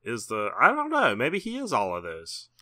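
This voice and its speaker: A man's voice: medium pitch, wildly swooping pitch, moderate pace, pushed and bright, no echo, studio quality. A man co-hosting a horror film podcast, casually chatting and reading out release details with offhand asides. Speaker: podcast co-host. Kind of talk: casual chat.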